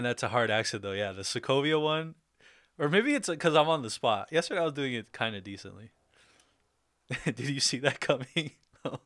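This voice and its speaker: An upbeat man hosts a casual livestream and chats with his viewers in a loose, easygoing way, full of fillers and laughter. His voice is smooth and clear, recorded dry and close. His pitch sits in a middle range. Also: fairly bright tone, no echo. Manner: loose phrasing with many fillers and restarts. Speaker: livestream host.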